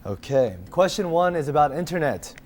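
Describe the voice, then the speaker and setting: A man with a husky voice from a cold, hosting a quiz show and reading out the questions and rules with joking asides. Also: fairly high pitch, expressive, moderate pace, music in the background. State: has a cold.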